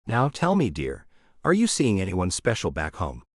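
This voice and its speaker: A man's voice: sits low, wildly swooping pitch, normal speed, no echo, clean studio sound, voice pushed down, full character voice. A man reading an audiobook, voicing an imperious, nosy older woman who plays matchmaker. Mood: imperious, sly. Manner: imperious, sly. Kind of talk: audiobook character voice.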